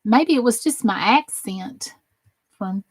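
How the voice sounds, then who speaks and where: A middle-aged woman from the Southern United States hosts a crafting livestream, chatty and joking as she reads and responds to viewer comments. She speaks slowly in a fairly high voice with lively intonation and a breathy edge.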